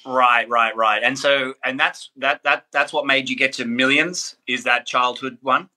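A man with an Australian accent chatting casually as a podcast guest, animated and rambling. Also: mid-range voice. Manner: animated, rambling, quick asides. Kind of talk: casual chat.

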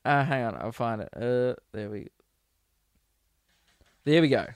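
A young Australian man, a comedian hosting his podcast, telling a rambling story in a crude, self-amused way with bursts of loudness. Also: mid-range voice, expressive, unhurried, dry recording. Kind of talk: casual storytelling monologue.

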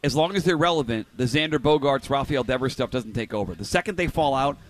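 A man's voice: mid-range voice, expressive, no echo. A man hosting a live sports radio show from a restaurant, giving opinionated takes in casual banter. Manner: opinionated, rapid back-and-forth.

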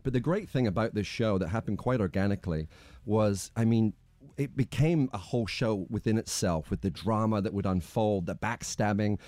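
A man's voice: lowish voice, moderate pace. A man guesting on a radio show, chatting casually and telling cheeky, jokey stories in a studio. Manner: cheeky, jokey, animated anecdotes. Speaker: TV host, guest. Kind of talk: casual radio chat, storytelling.

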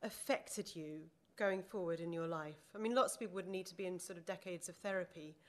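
A woman's voice: lowish voice, brisk. A woman interviewing a guest, asking questions and encouraging him with short affirmations. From Britain. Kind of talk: conversational interview.

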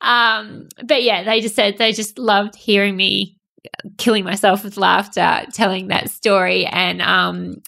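Woman co-host, gravelly voice, emotional casual chat, laughs easily, hesitant. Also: mid-range voice, little pitch movement, unhurried, bright, forceful tone. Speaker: podcast co-host.

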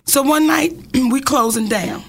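A woman hosting a podcast, telling a story in an animated, casual way and swearing freely. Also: high voice, measured pace, a little hiss or hum. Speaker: podcast host.

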